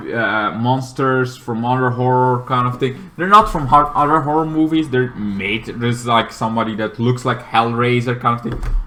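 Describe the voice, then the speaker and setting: Twenties guy rambling thru a movie plot, bright forceful voice, loads of filler. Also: mid-range voice. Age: 20s. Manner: rambling, stacks fillers like "kind of thing". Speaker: movie reviewer. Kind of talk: casual plot recap.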